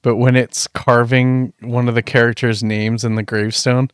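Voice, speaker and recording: A man co-hosting a podcast, quick and amused, chiming in on a movie recap. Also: mid-range voice, flat delivery, smooth, no echo, clean studio sound. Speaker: podcast co-host. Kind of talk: casual movie chat.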